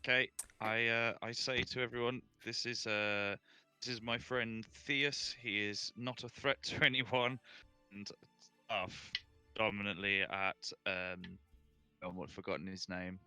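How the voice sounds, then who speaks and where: Man, player, very bright, crisp tone, faint music in the background. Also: lowish voice, fairly even intonation, a little slow, dry recording. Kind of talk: casual chat.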